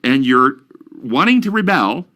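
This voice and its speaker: A man's voice: mid-range voice, big pitch swings, measured pace, pushed and bright. A man counseling and explaining ideas earnestly in an interview, using examples and questions. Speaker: counselor guest.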